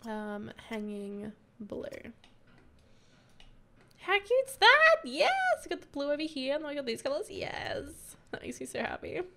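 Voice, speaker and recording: This young woman's let's play commentary is casual and full of giggles, and sweet moments in the game leave her gushing and moved. Faint game music sits behind her somewhat high, gravelly voice, which moves at normal speed.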